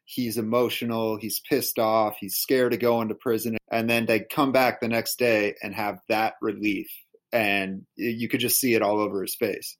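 A man's voice: fairly low pitch, flat delivery, normal speed. A defense lawyer, a man, earnestly recounting a case in a casual podcast chat.

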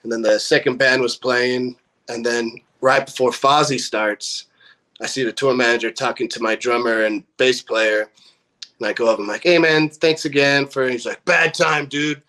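A man's voice: medium pitch, normal speed. Young guy telling a profane tour story. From California. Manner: profane, animated storyteller acting out quotes. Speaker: band member. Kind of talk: casual storytelling.

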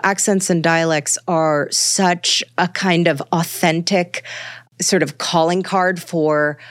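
Animated woman with a low, dry voice. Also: no echo. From New York. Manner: animated, acts out quotes in bright high voices. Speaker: guest, voice coach and author. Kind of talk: casual podcast chat.

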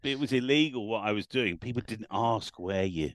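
Middle-aged man, livestream guest, acts out quotes, low voice, dry close sound. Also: normal speed, no echo. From England. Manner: animated storyteller, acts out quotes. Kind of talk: casual livestream chat.

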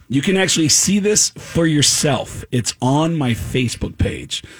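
A man, a comedian, telling a comic story on a radio show and acting out other people's voices with gasps and shouts. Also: medium pitch, breathy edge. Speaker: stand-up comedian guest.

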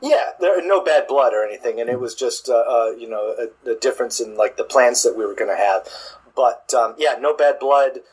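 A man with a husky, slightly breathy voice talks casually as an interview guest. He trips over his words, restarting sentences and filling gaps with fillers. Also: mid-range voice, animated, low-quality recording. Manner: halting, many restarts and fillers. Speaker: guest drummer.

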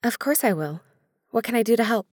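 A woman doing a shy hushed young goddess. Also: on the high side, lively intonation, brisk, no room sound, clean studio sound, pitched above the performer's own voice. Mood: tender concern. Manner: soft, hushed.

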